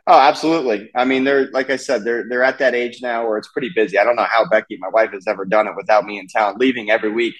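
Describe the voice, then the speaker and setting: Man, thirties, race car driver guest, casual interview, halting speech, full of fillers. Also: fairly low pitch, rough recording. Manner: relaxed, halting, many fillers and restarts.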